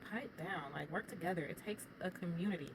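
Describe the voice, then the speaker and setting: Woman, fast and animated recap commentator, lowish voice, with audible background noise. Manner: animated, opinionated, talks straight to the viewers. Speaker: reality TV commentator.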